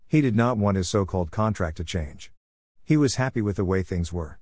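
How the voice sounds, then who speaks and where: A man narrating a story chapter in an even, measured reading style on a close mic. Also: sits low, no echo.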